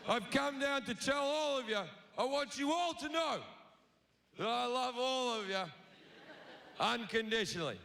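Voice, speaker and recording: A man's voice: very high-pitched, unhurried, gravelly, bright, forceful tone, pitched above the performer's own voice, heavily acted. A man playing a self-important, needy God who demands everyone's attention at a party, in a stand-up bit. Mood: demanding. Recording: noisy live venue recording.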